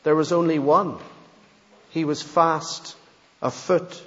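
A great lion speaks low and unhurried, calm and solemn, voiced by a man reading aloud. The tone is dull and a long reverb trails each phrase. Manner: slow, solemn. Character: huge deep-voiced lion, calm and grave.

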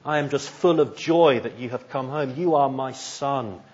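A warm, forgiving father greets his returning son with quiet joy, as a preacher puts him on. The voice is husky and mid-pitched. The recording sounds slightly dull. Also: close to an everyday voice. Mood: joyful, tender. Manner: tender, joyful, unhurried.

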